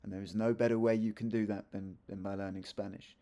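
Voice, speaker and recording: A middle-aged man teaching a grammar lesson to camera, his low voice gravelly with fry and mellow in tone. He talks in a chatty, easygoing way, correcting himself mid-sentence and tossing in asides. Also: level tone, fast talker. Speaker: Spanish teacher. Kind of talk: video lesson explaining grammar.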